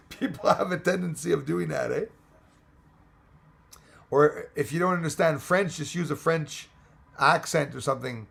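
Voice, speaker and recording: A man hosts a casual livestream, reading out chat names and greetings while rambling between English, French, and Spanish. He's losing his voice, which sounds a little high, gravelly, and hoarse.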